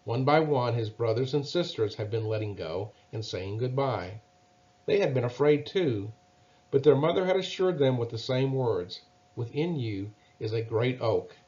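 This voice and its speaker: Mellow male children's storyteller. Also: mid-range voice, lively intonation, normal speed, highs cut off. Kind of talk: children's Bible story reading.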